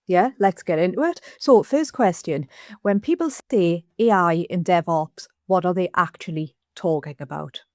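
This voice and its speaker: A woman with a Geordie accent, chatting as a podcast co-host. Her voice sits a little low for a woman and sounds slightly rough from a sore throat. The sound is close and dry, with no room around it. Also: lively intonation, normal speed, no echo. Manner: chatty, self-mocking, laughs easily. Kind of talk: casual podcast chat.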